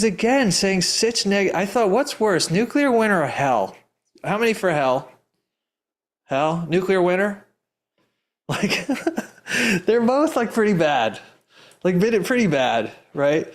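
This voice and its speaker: Guy teaching investing live to an audience, excited, tells stories, restarts sentences a lot, laughs a bunch. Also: fairly high pitch. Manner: energetic, emphatic storytelling with frequent laughs; rambling, restarts sentences often. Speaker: investing educator.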